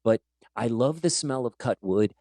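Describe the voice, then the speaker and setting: Recorded in a studio with no room sound, this middle-aged interview host speaks at an ordinary pace and medium pitch. His storytelling is relaxed yet lively, and he acts out the quotes he recounts.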